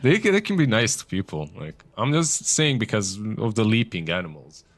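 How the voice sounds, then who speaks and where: Playful low-voiced male co-caster. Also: wildly swooping pitch, normal speed, dry recording. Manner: laughing, playful. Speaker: esports co-caster. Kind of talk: casual on-air banter.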